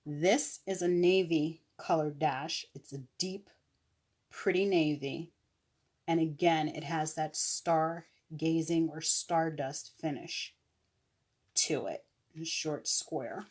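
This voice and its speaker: Low, slow-talking woman showing nails. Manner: chatty, with fillers and self-corrections. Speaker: online nail seller. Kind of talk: casual live product demo. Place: live stream.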